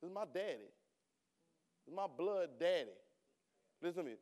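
A man preaching a sermon in a church, talking casually to the congregation and firing rhetorical questions, then rising into loud, emphatic bursts. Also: on the high side, lively intonation, moderate pace.

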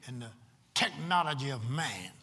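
A man preaching a sermon, swinging from shouts to low murmurs and repeating lines for emphasis. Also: expressive, normal speed, a little hiss or hum. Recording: long hall reverb.

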